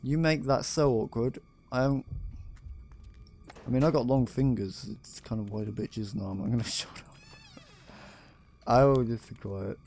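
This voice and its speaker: A man's voice: medium pitch, steady tone, measured pace, long pauses, darkish tone, a little hiss or hum. A man hosting a horror game playthrough, reading notes aloud and yelping and swearing when startled. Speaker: gameplay video host. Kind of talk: horror game let's play commentary.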